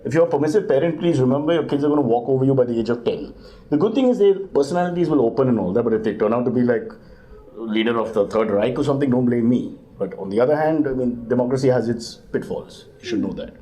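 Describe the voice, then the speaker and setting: Fast-talking joking man. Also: medium pitch. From India. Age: middle-aged. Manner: quick deadpan wisecracks, mock exasperation. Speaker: guest comedian. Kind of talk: joking live interview banter.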